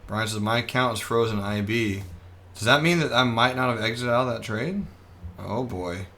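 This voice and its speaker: A young man narrates his trading morning in a casual, chatty stream. His voice is bright and forward, at an ordinary pitch for a man. He jokes freely and reads viewer messages aloud between market calls. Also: normal speed. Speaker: day trader streaming live. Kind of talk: casual live market commentary.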